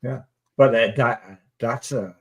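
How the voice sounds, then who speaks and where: Enthusiastic male host, middle pitch. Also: slow pace, dull audio, slight background noise. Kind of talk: casual chat.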